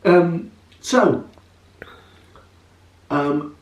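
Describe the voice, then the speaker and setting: A man reading a story aloud at home, jokey and halting, with casual asides. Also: a little high. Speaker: vlogger. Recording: roomy, from a distance.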